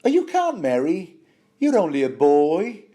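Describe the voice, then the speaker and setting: A man's voice: mid-range voice, very animated, measured pace, mellow, pitched above the performer's own voice. A man voicing a worried noble mother who frets over and scolds her young son in a raised, fluttery voice. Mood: fretting. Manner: fretful, chiding.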